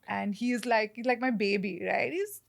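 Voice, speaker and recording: A woman's voice: a little high, moderate pace, vocal fry. A woman, a guest in a casual podcast conversation, talking animatedly with many fillers and restarts.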